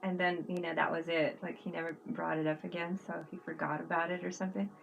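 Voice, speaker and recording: A woman chatting casually on a livestream, telling animated stories, laughing often and swearing freely. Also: lowish voice, fast, gravelly, slight background noise. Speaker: livestream co-host. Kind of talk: casual chat.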